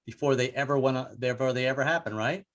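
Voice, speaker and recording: A man's voice: mid-range voice, quick pace, highs cut off. An older man doing a stand-up comedy set, rambling and self-deprecating with many restarts.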